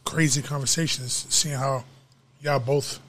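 Husky man chatting loosely. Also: mid-range voice, fairly even intonation, measured pace, fairly bright tone. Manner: laughing, loose, swears. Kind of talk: casual chat.

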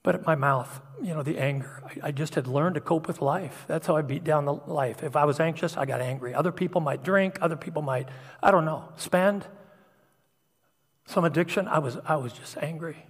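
A middle-aged man preaches a sermon with a slightly high, husky voice. He tells personal stories in a confessional way, dropping to a hush and then rising loud. His voice rings with long reverb in a large hall. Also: moderate pace. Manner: emotional, confessional storytelling with swings from hushed to loud.

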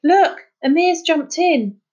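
A woman's voice: sits high, lively intonation, a little fast, a little mellow, pitched above the performer's own voice. A woman voicing a reproachful schoolboy.

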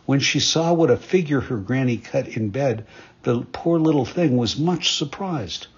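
A man narrating a fairytale in a measured, expressive storytelling manner. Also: mid-range voice, highs cut off, slight background noise.

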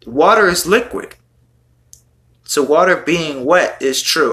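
A man's voice: fairly high pitch, sing-song, a little slow, bright, forceful tone. A man giving casual reaction commentary on song lyrics, exasperated and swearing as he mocks them.

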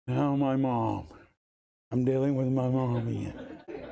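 A man's voice: medium pitch, steady tone, unhurried, gravelly, pauses often, warm tone. An older man preaching a sermon, telling a family story and rising into impassioned pleas.

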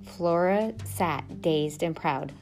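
A woman narrating a children's storybook aloud in an expressive, steady manner. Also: fairly low pitch, takes it slowly. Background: music.

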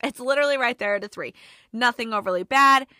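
A woman with a bright, crisp voice chats casually about holiday movies. She gushes and gets emotional, scattering fillers as she goes, and her voice sounds dry and close, with no room around it. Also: fairly high pitch, fast, dry recording. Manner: gushing and emotional, with many fillers. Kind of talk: casual chat.

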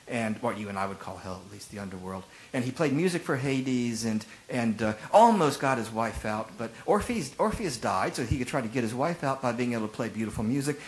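Guy preaching in church, animated storytelling, middle pitch. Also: low-quality recording. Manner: animated storytelling, acting out rhetorical quotes. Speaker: pastor. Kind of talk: sermon.

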